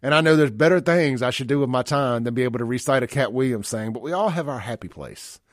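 Male radio host, blunt and folksy, mid pitch, dry booth sound. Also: lively intonation, fast, no room sound. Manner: folksy, blunt, reads listener texts aloud. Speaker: radio talk show host. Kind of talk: casual talk radio chat. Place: radio studio.

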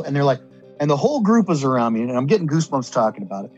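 A man's voice: fairly high pitch, very animated, quick pace, slightly rough, highs cut off, soft background music. A man talking earnestly and at length about therapy and recovery, with many restarts and repetitions. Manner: earnest, rambling, repeats and restarts. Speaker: guest. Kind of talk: candid conversation about recovery.

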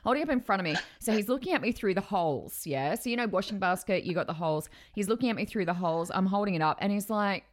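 A middle-aged woman telling a story in a casual chat, animated, with many fillers and restarts. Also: medium pitch, quick pace, hardly any pauses.

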